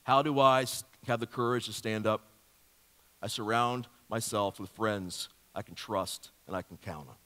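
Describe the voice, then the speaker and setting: A male pastor giving a sermon in a lively, joking storytelling manner, firing off rhetorical questions to the congregation. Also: lowish voice, normal speed. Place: church sanctuary. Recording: long hall reverb of a church.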